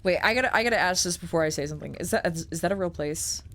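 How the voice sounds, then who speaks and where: A woman with a fairly low voice reads a document aloud on a stream. She keeps breaking off into chatty, filler-heavy asides and swears casually. A faint hiss sits under the recording. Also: racing, fairly bright tone.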